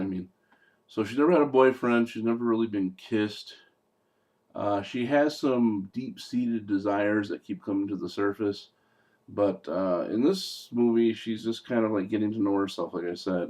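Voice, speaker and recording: A man giving a casual, rambling movie review, full of fillers, digressions and jokey asides. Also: lowish voice. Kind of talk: casual film review vlog.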